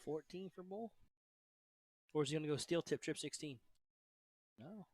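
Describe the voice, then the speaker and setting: A man's voice: fairly high pitch, moderate pace, husky, no echo. A man doing color commentary on a live darts match, in an easygoing, joking back-and-forth with the main commentator. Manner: easygoing, laughing banter.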